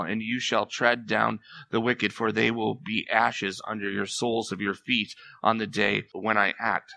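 A man's voice: on the low side, vocal fry, bright, forceful tone, no room sound. A man preaching a sermon as pastor, earnest and emphatic, pressing his point with rising intensity.

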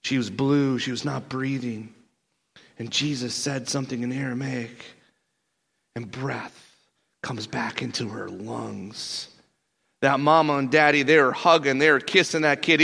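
A man playing the apostle Peter as an excitable, laid-back fisherman, telling his stories in slangy first person with lots of stammered restarts. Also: medium pitch, gravelly, heavily acted. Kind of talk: first-person character monologue.

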